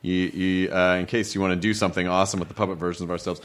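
A man's voice: low voice, level tone, very fast, a bit bright. A man hosting a casual podcast chat, joking and laughing often. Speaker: podcast host. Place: podcast studio.

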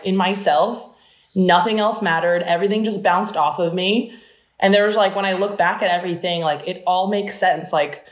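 A young woman from New Jersey, an athlete, tells her story in a rush of words, peppered with "like" and quick laughs. Her voice sits a bit low, and the room gives it a noticeable echo. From New Jersey, USA. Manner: fast-talking, animated, full of "like" and laughter. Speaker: Olympic fencer, interview guest. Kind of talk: casual storytelling interview. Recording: roomy echo.

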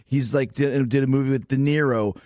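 A middle-aged man from Canada with a Canadian accent, chatting as a radio studio guest, telling stories with quick laughs and acted-out quotes. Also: mid-range voice, no room sound. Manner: animated storyteller, laughs often, acts out quotes. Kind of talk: casual radio studio chat. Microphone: studio mic.

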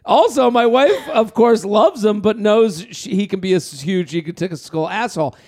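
A man hosting a podcast in casual comedic chat, animated and jokey, swearing freely and breaking into loud bits. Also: high voice, normal speed. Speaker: podcast host.

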